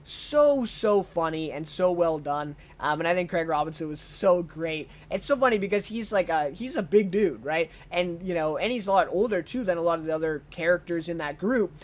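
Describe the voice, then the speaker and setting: High-voiced man, enthusiastic unscripted reviewer. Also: expressive, moderate pace, hardly any pauses. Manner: enthusiastic, many ums and uhs. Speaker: TV show reviewer.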